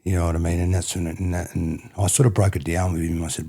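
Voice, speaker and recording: A middle-aged man with an Australian accent, his voice low, dark and husky. He tells stories in a loose, rambling way and keeps circling back with "you know what I mean". It sounds like a relaxed podcast conversation. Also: fast talker, few pauses. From country New South Wales, Australia. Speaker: podcast guest, former rugby player. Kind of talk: casual reflective storytelling.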